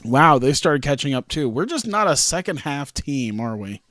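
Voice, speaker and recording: A man's voice: mid-range voice, sing-song, moderate pace, fairly bright tone. A man streaming a video game, chatting casually with a rambling, sarcastic manner and frequent laughs. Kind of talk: casual gameplay commentary.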